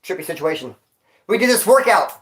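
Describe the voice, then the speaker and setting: A man's voice: high voice, very animated, fairly quick. Slangy winded man telling stories. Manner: slangy street talk, calls listener dog and homie. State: winded after exercise. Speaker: vlogger. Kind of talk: casual storytelling vlog. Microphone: phone.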